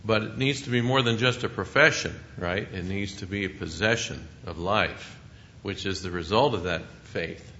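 A man teaching through a Bible passage verse by verse. He reads scripture aloud with rising emphasis, then explains it in a relaxed, conversational way. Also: lowish voice, normal speed, highs cut off, slight background noise.

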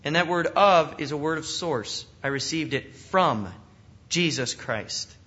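A man's voice: fairly high pitch, animated, measured pace, bright, forceful tone. A man preaching an expository sermon to a congregation, earnest and emphatic, often asking them questions. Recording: muffled, lo-fi recording.

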